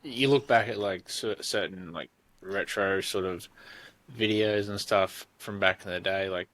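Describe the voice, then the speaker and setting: An Australian man in his thirties co-hosts a podcast, speaking in a deep, slightly bright voice at an unhurried pace with no room sound. He swears freely while telling rambling stories in casual conversation.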